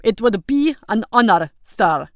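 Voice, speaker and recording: A woman voicing a loud, pompous older male army colonel who flatters his prince in an effusive rush. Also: medium pitch, measured pace, dry recording, clean studio sound.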